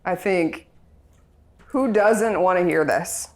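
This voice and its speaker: A woman's voice: on the low side, slow. A woman leading a group Bible study, chatty and playful, laughing often as she explains the reading.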